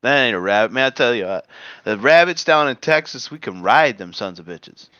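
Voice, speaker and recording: A man voicing a boastful Texan visitor who scoffs at everything, raised high and brash, in a dull, dry recording. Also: expressive, a little fast, pushed and bright, no room sound. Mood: bragging. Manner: brash, bragging drawl. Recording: dull lo-fi dry podcast audio.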